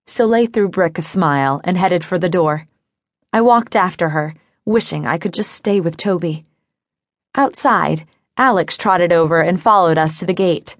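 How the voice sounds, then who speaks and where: Lady reading an audiobook, lowish voice, even and measured, dead dry studio sound. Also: no echo. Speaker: audiobook narrator. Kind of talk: first-person scripted narration.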